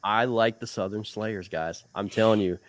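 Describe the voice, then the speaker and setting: A man hosting a casual live stream, upbeat and quick to laugh, trailing into repeated filler words. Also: lowish voice. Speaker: host, league commissioner.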